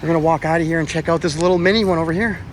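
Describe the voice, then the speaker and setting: A vlogger exploring old bridges narrates a walking vlog outdoors, filming on his phone camera and talking straight to viewers. His fairly high voice holds a steady tone and races along very fast, with slight background noise. He exclaims in awe, sometimes swears, and is occasionally out of breath.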